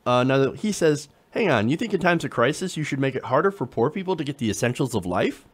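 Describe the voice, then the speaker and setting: A man's voice: mid-range voice, big pitch swings, fast, slightly rough. A man hosting casual political commentary, talking conversationally with sarcasm and frequent fillers.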